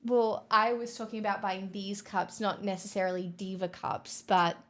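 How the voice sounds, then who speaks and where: A woman's voice: mid-range voice, flat delivery, normal speed. A woman livestreamer chatting casually with her viewers and reading their comments, with playful, mock-boastful banter, frequent swearing and laughs.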